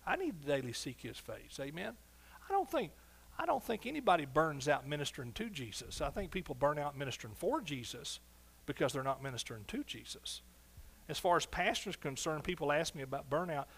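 Animated preaching pastor, fairly high voice. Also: male voice, fairly quick, creaky, husky. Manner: animated, swings between soft asides and loud exclaiming. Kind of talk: sermon.

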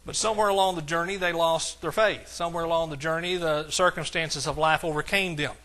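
A man preaching a sermon as pastor, with emphatic lines that swing from soft to hollering. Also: a little high, fairly even intonation, a little fast.

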